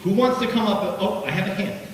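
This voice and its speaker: A middle-aged man giving an animated, jokey keynote speech, talking straight to the crowd. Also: high-pitched, a little fast, noisy background. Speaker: keynote speaker. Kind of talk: motivational keynote speech to a live audience. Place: large hall. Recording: echoey hall from far off.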